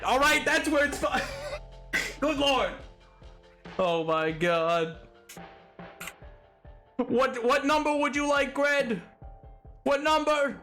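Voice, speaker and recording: This game streamer's voice is extremely high, pushed and bright, with faint music in the background. His casual live-stream chat wanders through digressions, and he's quick to laugh.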